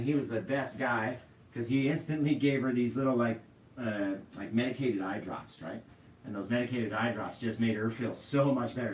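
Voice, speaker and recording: Chatty painting teacher in a roomy room. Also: male voice, medium pitch. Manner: chatty, talks straight to viewers with frequent "right?". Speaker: painting instructor. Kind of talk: live painting tutorial, casual storytelling. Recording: roomy, mic at a distance, faint hiss.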